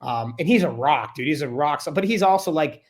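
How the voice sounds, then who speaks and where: Casual male guest, fairly high voice, rambling and animated. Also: a little fast. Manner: animated, rambling, many fillers. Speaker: podcast guest, Olympic wrestler. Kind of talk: casual chat.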